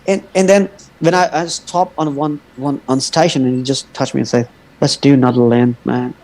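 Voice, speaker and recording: A man in his thirties from India, telling stories in a casual chat, animated, swearing freely and laughing often. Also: mid-range voice, brisk, gravelly, rough recording. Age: 30s. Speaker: guest.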